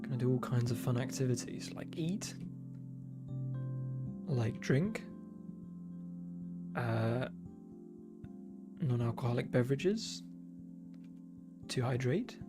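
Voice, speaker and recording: A man's voice: medium pitch, expressive, takes it slowly, pauses often, over music. A young man streaming, chatting casually while he draws, with dry self-deprecating humor. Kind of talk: casual chat while drawing.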